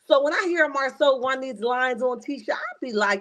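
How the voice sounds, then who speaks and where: A woman hosting a casual reality TV recap livestream, animated and slangy, often laughing and calling her viewers "honey.". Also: high voice, moderate pace. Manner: slangy and emphatic.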